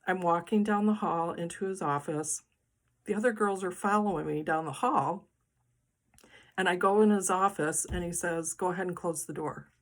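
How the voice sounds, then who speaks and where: A middle-aged woman, the host, telling a personal story in a casual, animated and dramatic way. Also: on the low side, normal speed.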